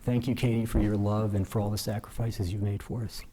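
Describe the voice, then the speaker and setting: A man's voice: on the low side, level tone, very noisy. Earnest man giving a formal speech. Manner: measured, earnest, self-deprecating. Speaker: newly invested justice giving a speech. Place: ceremony hall.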